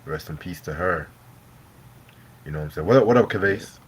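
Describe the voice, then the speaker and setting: He has a deep, husky voice, expressive and fairly quick. As host of a casual live stream, he eats dinner while chatting loosely, laughing and swearing throughout.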